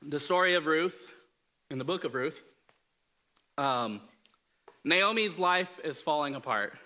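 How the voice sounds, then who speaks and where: Bright-voiced man preaching casually. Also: a little high, lively intonation, unhurried. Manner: conversational, self-deprecating humor, frequent fillers and restarts. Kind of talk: casual storytelling sermon.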